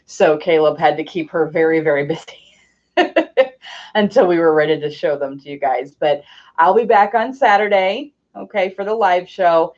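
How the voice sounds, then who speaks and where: A woman hosting a card reading channel, talking casually and gently to her viewers. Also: lowish voice, normal speed, lo-fi sound. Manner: gentle and chatty, cooing at her puppies. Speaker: tarot reader and channel host.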